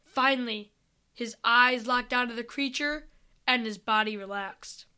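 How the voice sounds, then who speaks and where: A woman reading an adventure story aloud, calm and unhurried. Her voice is high and bright, and she keeps an even storybook pace. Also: clean tone.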